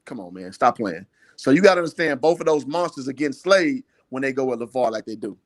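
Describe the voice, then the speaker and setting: A man's voice: mid-range voice, lively intonation, fast talker, dry recording. A man in casual debate, rambling and profane, with many fillers.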